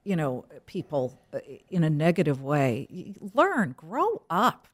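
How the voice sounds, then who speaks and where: A middle-aged woman, a news anchor, speaking as an interview guest in an emphatic, quick-witted way. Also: deep voice, very animated. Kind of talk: conversational interview.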